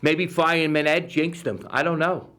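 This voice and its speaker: A man with a New York accent hosting a live local-TV football picks show, rambling and jokey with sudden bursts of excitement. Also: on the high side, normal speed. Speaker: TV host. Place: community TV studio.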